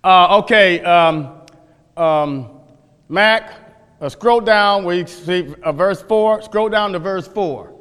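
A male pastor preaching with an emphatic, questioning style, repeating key phrases. His voice is high and bright. The sound carries a long reverb from a church hall. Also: slow pace, smooth. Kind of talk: sermon teaching from scripture.

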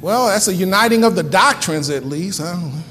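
A male pastor preaching a sermon in a church, moving between quick asides and loud shouted lines. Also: high-pitched, lively intonation, in a large hall. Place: church sanctuary.

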